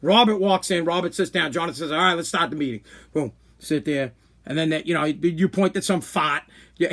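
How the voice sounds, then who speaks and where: A man's voice: extremely high pitch, animated, fast, pushed and bright. A man hosting a podcast, ranting bluntly and acting out imagined dialogue in a casual sports talk. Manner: blunt and profane. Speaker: podcast host.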